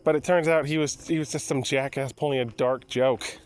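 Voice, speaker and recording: A man's voice: mid-range voice, fairly even intonation, normal speed, clear, resonant tone. Rambling man reviewing a movie. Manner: rambling, with frequent restarts. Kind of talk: casual spoken review.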